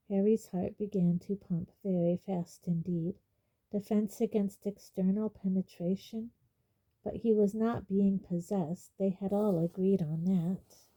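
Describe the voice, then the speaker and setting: Brief: woman audiobook narrator, measured, slow, very mellow tone. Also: lowish voice, level tone, poor audio. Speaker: audiobook reader. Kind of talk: storybook narration.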